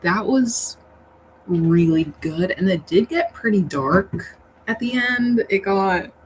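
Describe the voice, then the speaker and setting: Slow-talking, chatty woman streamer. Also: medium pitch, expressive, poor audio. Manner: chatty, rambling, laughs often. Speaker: livestream host reading chat. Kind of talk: casual livestream chat. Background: faint fan hum.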